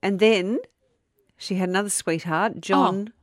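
A woman's voice: medium pitch, unhurried, no room sound, clean studio sound. A woman casually telling a true crime story as a podcast co-host, rambling and often losing her place. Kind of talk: casual chat.

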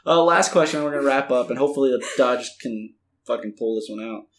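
A man's voice: mid-range voice, fast talker. A man hosting a podcast in casual chat, joking and swearing freely. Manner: joking, profane, laughs often. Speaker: podcast host.

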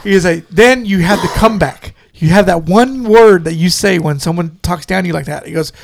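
High, gravelly-voiced man chatting casually. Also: fairly quick. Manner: laughs often, retells stories with quoted voices. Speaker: podcast co-host. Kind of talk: casual chat.

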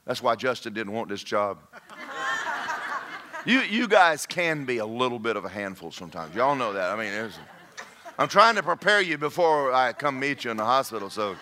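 Animated preacher telling jokes. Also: male voice, mid-range voice, moderate pace, background noise. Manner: humorous storytelling, shouting punchlines. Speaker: pastor. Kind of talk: sermon. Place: church sanctuary.

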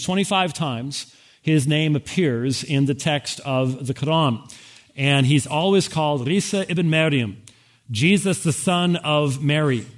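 A man giving a quick, wry sermon-style lecture to a conference audience. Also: on the high side. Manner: fast-talking, wry, addressing an audience with interpreters. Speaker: speaker at a Christian conference.

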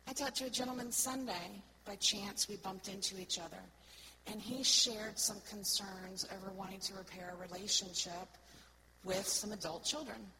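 A woman giving an earnest sermon-style talk to a congregation, often checking in with "right?" and swinging between soft, slow words and loud, stressed ones. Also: medium pitch, steady tone, a crowd in the background, low-quality recording. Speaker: church speaker.

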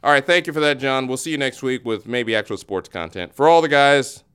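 A man hosting a casual sports podcast, joking with mock-dramatic groans and quick sign-offs. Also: medium pitch, fairly bright tone, clean tone. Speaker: host.

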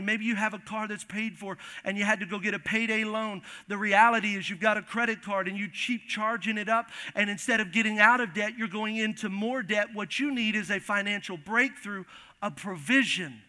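High, bright-voiced preacher in reverberant hall. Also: male voice, moderate pace. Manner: emphatic, repeats phrases, addresses congregation directly. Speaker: pastor. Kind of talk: sermon. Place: church sanctuary.

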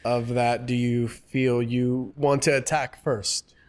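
A man from Los Angeles interviewing a guest in a relaxed, joking way, often restarting his sentences. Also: mid-range voice, takes it slowly. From Los Angeles, United States. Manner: easygoing, joking, stammers on restarts. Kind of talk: casual interview chat.

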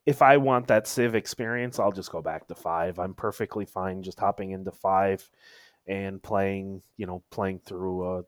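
Low-voiced man, hesitant gaming chat. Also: fairly even intonation, unhurried, no echo, clean studio sound. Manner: hesitant, trails off quietly. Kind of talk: casual chat.

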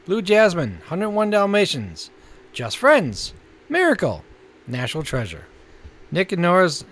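A male co-host with a lively, up-and-down voice that sits a little high. He works through a list in a relaxed, casual way and chuckles often. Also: a little slow. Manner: laid-back, chuckles often. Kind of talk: casual chat, reading a release list.

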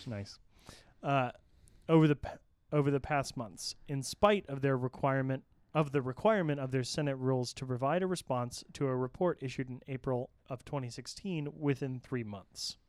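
A man's voice: medium pitch, normal speed, clear, resonant tone, no room sound. A man hosting a gaming podcast, reading news items steadily with small restarts and casual asides. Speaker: host and news reader. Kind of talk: podcast news rundown with banter.

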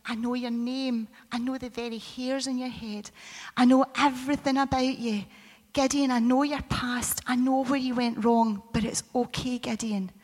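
A woman preacher voicing God as a gentle, reassuring male presence, speaking softly and often in a whisper. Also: on the high side, steady tone, normal speed, close to an everyday voice. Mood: tender reassuring. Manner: soft, hushed, often whispered. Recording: reverberant hall.

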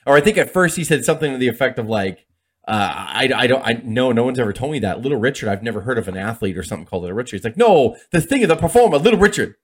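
Male podcast co-host, rapid casual storyteller, acts out quotes. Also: mid-range voice, breathy edge. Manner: fast, animated retelling with acted-out quotes and laughs.

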